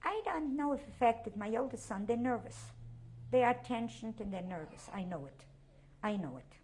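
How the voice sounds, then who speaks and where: An older woman from Poland with a Polish accent, giving a halting, emotional oral history interview and often repeating herself. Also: a little high, lively intonation, darkish tone, slight background noise.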